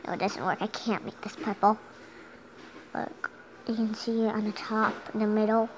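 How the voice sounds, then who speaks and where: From her room at home, a young girl narrates a game casually, chatting, giggling and sometimes humming. The woman's voice has a medium pitch and steady tone at normal speed, on a rough recording with a little hiss or hum.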